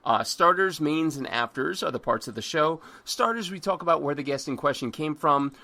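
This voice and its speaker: A man's voice: fairly high pitch, expressive, normal speed, creaky, bright, forceful tone. A man hosting a podcast over a phone call, joking loosely with his guest, often stammering and restarting his sentences, with the odd swear. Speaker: podcast host. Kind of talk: casual interview hosting.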